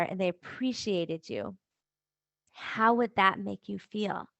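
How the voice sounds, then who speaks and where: With a mid-range voice, vocal fry and a measured pace, a woman coach talks to her podcast listeners about self-compassion. Her motivational delivery is warm and conversational, full of rhetorical questions and light laughter, and the audio has no echo.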